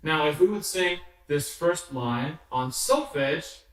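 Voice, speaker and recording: A man's voice: a little high, lively intonation, slow, fairly bright tone. A man teaching a music lesson, patiently explaining notes, rhythms and solfege, sometimes chanting or singing them. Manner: patient, counts rhythms and sings solfege aloud. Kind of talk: slow instructional explanation. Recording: very echoey room, somewhat distant mic.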